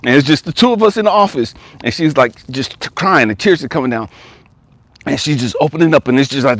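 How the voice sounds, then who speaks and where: A man's voice: medium pitch, animated, fast, fairly bright tone, no room sound. A man who is a life coach, giving an emphatic motivational talk. He repeats key phrases and builds intensity as he goes.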